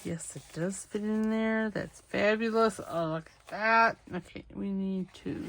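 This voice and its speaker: Slow-talking chatty woman crafting. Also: medium pitch, vocal fry, fairly bright tone. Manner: chatty, talks to herself while working, self-deprecating. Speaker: crafting channel host. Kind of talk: casual chat while crafting.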